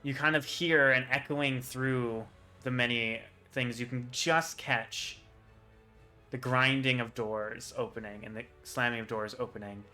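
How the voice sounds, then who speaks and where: A man's voice: medium pitch, fairly even intonation, unhurried, pushed and bright, faint music behind. A man running a tabletop fantasy game as game master, narrating scenes casually with frequent fillers. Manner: casual, rambling with fillers, voices side characters briefly.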